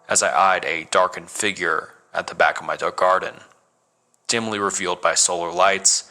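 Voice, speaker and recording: A man reading a first-person horror story as narrator, measured and dramatic. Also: low-pitched, pushed and bright.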